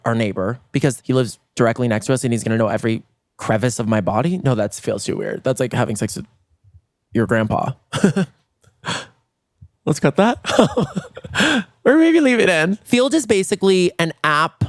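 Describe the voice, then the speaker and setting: A man hosting a comedy podcast, telling a comic story in an animated way and rushing through lines. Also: dry recording, clean studio sound. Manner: animated, rushes through lines, jumps to high squeals for quoted reactions.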